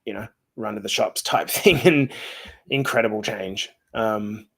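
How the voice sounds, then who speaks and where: A man's voice: fairly low pitch, measured pace, a bit bright. A man hosting a casual podcast chat, blunt and swearing freely. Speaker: podcast host.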